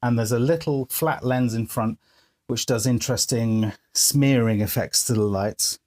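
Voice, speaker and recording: A man's voice: medium pitch, a little slow, darkish tone. Man chatting through a studio tour. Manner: chatty, explaining gear step by step. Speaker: musician giving a studio tour. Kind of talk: casual walkthrough. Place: band's music studio, indoors.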